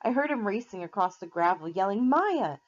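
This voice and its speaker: A woman teacher reading a novel aloud to her class in a steady, plain storytelling way. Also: medium pitch, fast. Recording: slightly muffled lo-fi recording.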